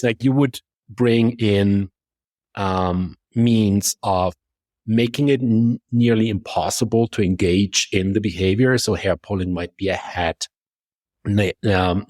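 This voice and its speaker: A man with a German accent, a confidence coach talking as a podcast guest and telling lively stories that act out his own thoughts. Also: on the low side, no room sound. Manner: lively storytelling, acts out quoted thoughts. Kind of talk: conversational podcast discussion.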